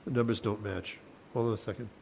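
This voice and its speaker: A man teaching a class on verse, thinking aloud with many restarts and chanting lines slowly. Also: fairly low pitch, fairly even intonation, gravelly, a little mellow, slight background noise. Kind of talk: class lecture on Sanskrit poetics.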